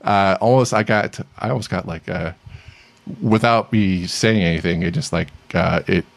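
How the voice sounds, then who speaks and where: A man's voice: low-pitched, moderate pace, creaky. A middle-aged man co-hosting a casual tech news chat, rambling with many fillers and restarts. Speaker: podcast co-host.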